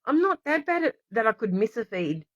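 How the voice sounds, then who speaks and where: A woman with a slightly high voice talks straight to camera in a rambling, emotional flow and keeps stopping to apologize. The sound is dull and lo-fi. The room is dry, with no echo. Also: big pitch swings, a little fast, a bit bright. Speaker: vlogger. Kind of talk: casual rambling monologue to camera. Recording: dull lo-fi recording.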